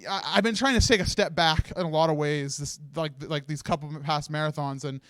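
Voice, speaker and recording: Closing out a charity marathon stream from its stage set, a man chokes up during his emotional live thank-you, repeatedly restarting sentences and laughing as he cries. His voice is high, smooth and fairly bright, with fairly even intonation, recorded dry and up close.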